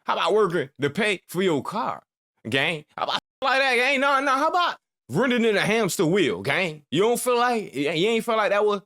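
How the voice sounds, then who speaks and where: A man's voice: high-pitched, normal speed. A man hosting a reaction video, ranting casually and calling his listener "gang" and "boy" again and again. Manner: animated, mock-scolding.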